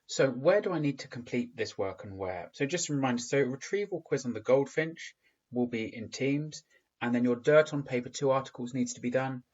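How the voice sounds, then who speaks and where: A man from England, working as a teacher, gives a recorded remote lesson in a calm, instructive way with frequent fillers. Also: medium pitch, fairly quick, muffled recording.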